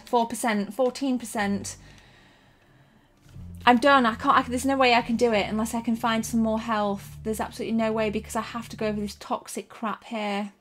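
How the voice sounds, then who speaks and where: A young woman giving live commentary on her game, excitable and jumpy, gasping and swearing freely as she plays. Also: a little high, moderate pace. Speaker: streamer playing a retro shooter.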